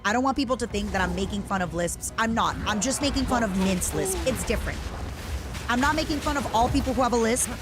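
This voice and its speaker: A woman's voice: on the high side, quick pace, over music. A woman streamer in casual chat, teasing and rambling playfully at a desk mic.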